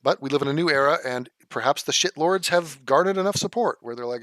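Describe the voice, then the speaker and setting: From his living room, a man hosts a live stream, reading viewer comments aloud and firing back in a heated, sarcastic rant laced with swearing and drawn-out insults. His voice is on the high side and a bit bright, captured dry with clean studio sound.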